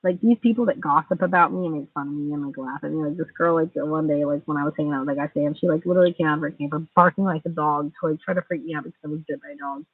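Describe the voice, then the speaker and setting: A woman's voice: deep voice, very fast, few pauses, breathy edge, no echo. A woman in her forties, venting angrily and bitterly on a livestream, sarcastic and full of swearing. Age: 40s. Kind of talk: angry venting monologue. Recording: tinny distant phone mic.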